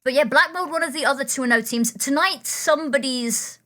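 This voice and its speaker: Caster: British woman, somewhat high voice, playful banter between rounds, quick esports play-by-play. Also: sharp tone, soft background music. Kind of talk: live esports commentary.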